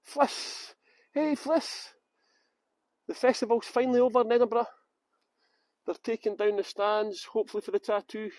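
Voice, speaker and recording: A man's voice: high voice, flat delivery, fast talker, a little mellow, no echo. A man from West Yorkshire working as a tour guide, chatting and joking with viewers by name on a live-streamed walking tour outdoors on city streets. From Halifax, West Yorkshire, England.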